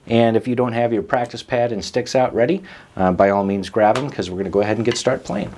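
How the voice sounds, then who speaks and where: A man's voice: medium pitch, fast talker, noisy background. Man teaching drums, counting aloud. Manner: friendly and patient, counting beats aloud. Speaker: drum teacher and host. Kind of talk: online drum lesson.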